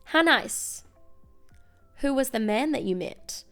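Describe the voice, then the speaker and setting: A woman's voice: high voice, animated, slow pace, a bit bright, smooth, faint music behind, full character voice. A woman voicing a cruel, haughty sorceress in a sneering, cold way.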